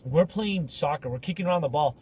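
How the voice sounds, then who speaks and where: A man's voice: a little high, fairly quick, dull audio, a little hiss or hum. A man co-hosting a podcast, telling a story in a casual rant and acting out the people in it. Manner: animated, acts out voices in stories. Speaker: podcast co-host.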